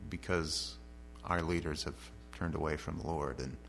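A man's voice: a bass voice, fairly even intonation, normal speed, gravelly, a bit bright, soft background music. A man preaching a verse-by-verse sermon, reading scripture aloud and then paraphrasing it in casual, modern speech. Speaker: pastor. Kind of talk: expository sermon. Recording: faint mains hum.

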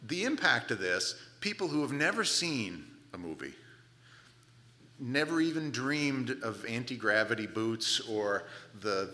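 A man preaching a sermon, retelling a scripture story with lively asides and acted-out moments. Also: medium pitch, measured pace, in a large hall. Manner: animated storytelling, acts out the scene, casual asides. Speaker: pastor.

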